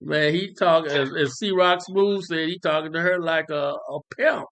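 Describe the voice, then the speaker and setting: A man's voice: a little high, normal speed, a bit bright. A man hosting a casual talk podcast, musing with laughing asides. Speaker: podcast host.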